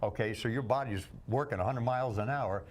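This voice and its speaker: A man's voice: mid-range voice, a little fast, a little hiss or hum. A man, a bodybuilder and entertainer guest, telling wisecracking anecdotes on a talk show and acting out the voices in them. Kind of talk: joking talk-show storytelling.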